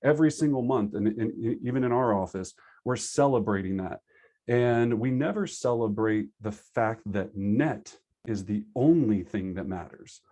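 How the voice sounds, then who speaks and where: Energetic man coaching over a video call. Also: lowish voice. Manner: acts out agents' excuses in quick asides. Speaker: real estate sales trainer. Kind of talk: live online training class.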